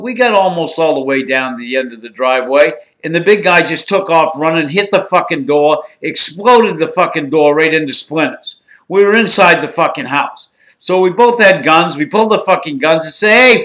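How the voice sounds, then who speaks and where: A man's voice: on the high side, a bit bright. A man in his sixties telling a raw, profanity-laden story in a blunt, candid monologue. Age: 60s. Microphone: home recording.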